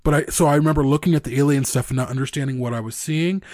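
A man's voice: fairly high pitch, racing, a little mellow, dry recording. Chatty man with a dry sound. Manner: chatty, reads listener stories aloud. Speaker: podcast co-host. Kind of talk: casual fan podcast chat.

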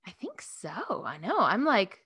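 A chatty woman co-hosts a podcast, rambling along with plenty of fillers and giggles. Her voice sits at an ordinary middle pitch. The sound is dry and close. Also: huge pitch swings, measured pace, bright, forceful tone, husky, no room sound. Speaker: podcast co-host. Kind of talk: casual chat.

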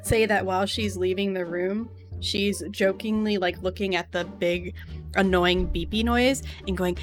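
A woman's voice: medium pitch, steady tone, measured pace, soft background music. Chatty woman player. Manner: chatty, explains actions with "like". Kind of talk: casual tabletop play.

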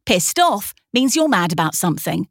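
A woman voicing an irritable, sharp-tongued young woman with a clipped, snappy delivery in an audiobook reading. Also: mid-range voice, big pitch swings, normal speed, gravelly, dry recording, clean studio sound. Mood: explaining.

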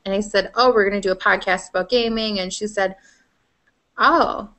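Bright-voiced chatty young woman. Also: mid-range voice, steady tone, quick pace. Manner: chatty, laughs often, lots of "like". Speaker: podcast co-host. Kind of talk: casual chat.

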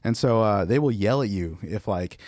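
A man chatting casually on a podcast, telling restaurant stories fast and acting out the people he quotes in a raised voice. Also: fairly low pitch, animated, darkish tone, dry recording, clean studio sound. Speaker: podcast guest, former restaurant server. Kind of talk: casual podcast chat, storytelling.

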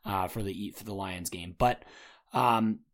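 A man's voice: low-pitched, unhurried, a bit bright. A man hosting a casual sports podcast, rambling and repeating words as he talks. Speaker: podcast host.

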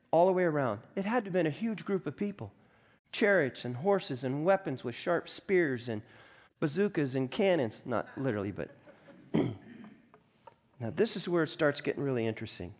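A man preaching a sermon as pastor, reading scripture aloud and commenting on it in a lively, conversational way, often clearing his throat. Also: fairly high pitch.

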